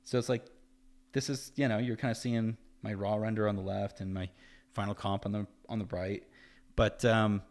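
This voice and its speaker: A man hosting a live stream, talking casually in an animated, rambling way, his voice jumping up whenever he quotes someone. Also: lowish voice, moderate pace. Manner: animated and rambling, voice jumps up when quoting others. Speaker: host of a live effects-art stream. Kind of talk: casual livestream talk.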